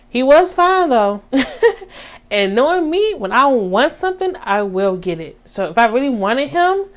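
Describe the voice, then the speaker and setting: A young woman vlogger telling a story in a casual, animated way. She talks straight to her viewers in slang, and her voice jumps high for drama. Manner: animated, dramatic retelling with sudden high squeaks.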